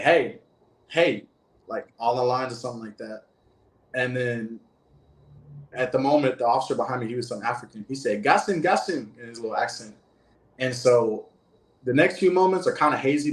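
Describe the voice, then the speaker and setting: Rambling male storyteller in an echoey room. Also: mid-range voice. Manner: loose, rambling telling with many restarts and fillers. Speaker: former prison guard, interview guest. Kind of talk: casual first-person storytelling.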